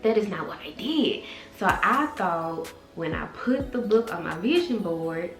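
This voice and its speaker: A woman in her twenties telling a personal story to her camera in a casual, animated vlog style. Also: on the low side, measured pace. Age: 20s. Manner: animated, quotes others in voices, chatty. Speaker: vlogger and author. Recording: echoey room with background music.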